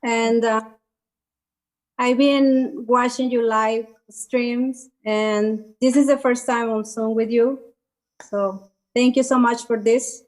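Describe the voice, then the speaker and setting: High-voiced, slow-speaking woman from Mexico. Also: steady tone. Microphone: video call.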